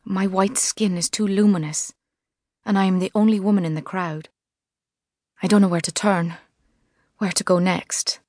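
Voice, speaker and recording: A woman's voice: mid-range voice, fairly even intonation, a little mellow, dry recording. Woman narrating an audiobook, dry studio. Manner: measured, vivid literary reading. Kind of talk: scripted first-person narration. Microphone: studio mic.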